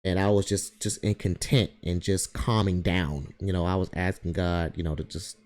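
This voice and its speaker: A man with a lowish, mellow voice tells a personal story casually. He rambles, circles back and repeats himself as he talks. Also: steady tone, moderate pace.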